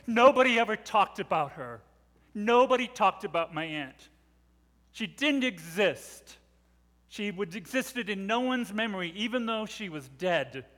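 High-voiced male preacher, dramatic and echoing. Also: animated, a little slow. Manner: dramatic storytelling, swells from hushed to loud. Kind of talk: sermon. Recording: long reverb of a large hall.

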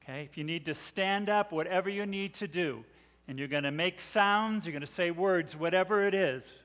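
A middle-aged man preaching a sermon, telling the story dramatically and swelling from hushed to loud. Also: high voice, normal speed. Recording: long reverb of a large hall.

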